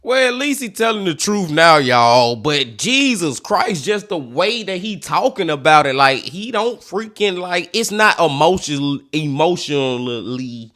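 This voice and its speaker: A man with a bright, forceful voice pitched a little high, giving casual reaction commentary. He talks bluntly and swears freely, sounding exasperated. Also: sing-song, a little slow, hardly any pauses, soft background music. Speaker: reaction video host.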